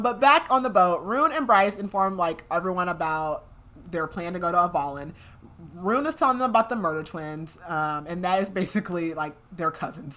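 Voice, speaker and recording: A young woman co-hosting a podcast, recapping a fantasy novel in a casual, chatty way, full of "like" fillers and quick laughs. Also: fairly low pitch, pushed and bright. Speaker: podcast co-host.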